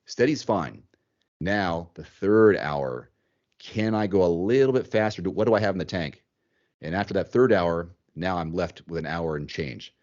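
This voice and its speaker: Deep-voiced man, animated podcast host. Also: normal speed, lo-fi sound. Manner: animated, thinks aloud, repeats words. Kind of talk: casual chat.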